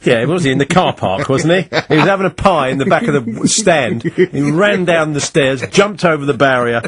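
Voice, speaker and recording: A man's voice: fairly high pitch, animated, moderate pace, a bit bright, breathy edge. A man hosting a sports radio show, teasing and wry. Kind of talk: jokey radio banter. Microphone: studio microphone.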